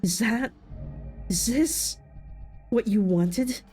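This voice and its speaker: A woman's voice: fairly high pitch, extremely slow, a little mellow, soft background music, voice pushed up. A woman voicing a bloodied, ghostly young male hitchhiker who speaks in a choked, gasping way. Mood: choking.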